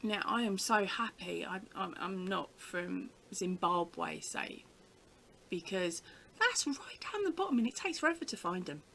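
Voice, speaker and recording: A woman's voice: mid-range voice, animated, unhurried, gravelly, a bit bright, slight background noise, rough recording. A middle-aged woman from the UK, chatting casually to camera as a crafting vlogger, telling stories with a giggle.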